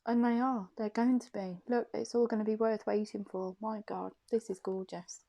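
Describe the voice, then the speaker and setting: A woman's voice: medium pitch, steady tone, normal speed, vocal fry, mellow. A woman giving an intuitive tarot card reading to camera. She talks in a soothing, reassuring way and often repeats her phrases and questions.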